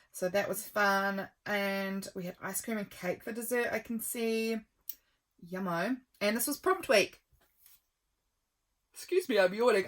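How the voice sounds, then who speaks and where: A woman vlogger chatting through a journal flip-through, rambling and affectionate, with many ums and quiet trailing asides. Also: mid-range voice.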